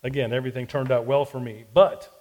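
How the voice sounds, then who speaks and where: A man's voice: medium pitch, steady tone, fast, muffled recording. A man in his forties telling a self-deprecating personal story in a sermon-style podcast, with a Southern US accent. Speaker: pastor.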